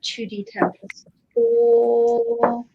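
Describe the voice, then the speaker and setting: A woman's voice: fairly high pitch, flat delivery, drawn-out words, creaky, highs cut off, a little hiss or hum. A woman playing a tabletop game over a video call, amused and thinking aloud as she plays. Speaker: player.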